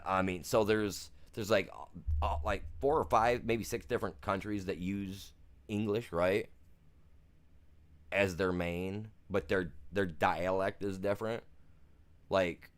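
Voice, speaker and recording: A man streaming a farming game, chatting casually in a laid-back, rambling, slangy way. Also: low-pitched. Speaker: gaming streamer. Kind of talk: casual chat while gaming.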